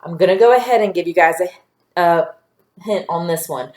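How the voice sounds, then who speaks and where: A woman teaching a phonics lesson to young children, patient and sounding out word parts slowly. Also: lowish voice, darkish tone. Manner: slow, patient, stretching out sounds. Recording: echoey room.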